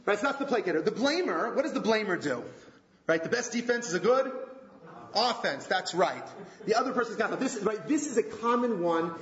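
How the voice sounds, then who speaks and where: Man teaching a workshop, fairly high voice, echoey room, muffled lo-fi recording. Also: fairly quick. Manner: animated, asks audience rhetorical questions. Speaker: workshop leader. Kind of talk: relationship workshop lecture. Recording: echoey room, dull lo-fi sound.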